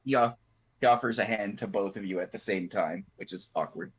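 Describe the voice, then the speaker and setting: A man running a tabletop game as game master over a voice call, talking haltingly with many fillers. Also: on the low side, a bit bright, husky, poor audio. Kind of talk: narrating a tabletop game online.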